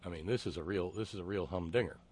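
A man hosting a political talk show, reading listener comments with sardonic, profane mockery and many halting filler words. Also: deep voice, darkish tone, a little hiss or hum.

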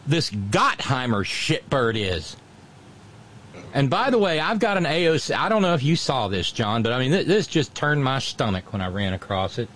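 A man's voice: medium pitch, sing-song, moderate pace, fairly bright tone. A man with a Southern US accent hosting political talk radio, profane and repeating his words as he starts sentences. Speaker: radio talk show host.

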